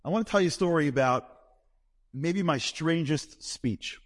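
A man telling a humorous story to a live audience in a lively, playful, self-deprecating way. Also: on the high side, moderate pace. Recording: long hall reverb.

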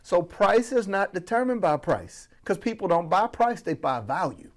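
A man from Florida coaching on business, talking to the audience as family with a playful, animated delivery. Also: high voice, normal speed. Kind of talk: energetic motivational teaching.

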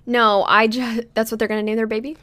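A woman's voice: on the high side, flat delivery, quick pace, fairly bright tone. A young woman hosting a podcast, chatting casually and telling stories with self-deprecating asides. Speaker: podcast host. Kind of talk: casual chat.

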